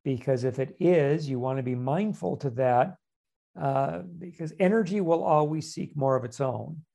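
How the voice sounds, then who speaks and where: A man hosting a podcast, answering a listener's question with calm, measured advice. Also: a little high, gravelly. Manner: calm, measured, reflective explaining. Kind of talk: casual podcast advice talk.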